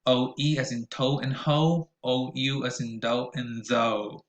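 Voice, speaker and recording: A man's voice: mid-range voice, steady tone, unhurried, roomy sound. A man teaching a recorded pronunciation lesson, explaining carefully with frequent "uh" and "um" fillers.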